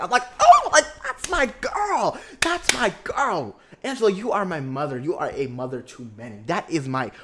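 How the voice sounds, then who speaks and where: A young man hosting a podcast, recapping a reality show in a sassy, excitable way with lots of slang and swearing. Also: mid-range voice. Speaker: podcast host.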